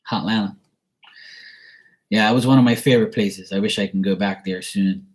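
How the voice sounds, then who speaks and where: A rambling, easygoing man from Bermuda reads out viewer messages and answers them with a relaxed, low-pitched voice. He chats casually, drifts off topic and laughs at his own remarks. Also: a little fast. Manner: chatty and rambling, laughs at himself. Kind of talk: casual live chat reading.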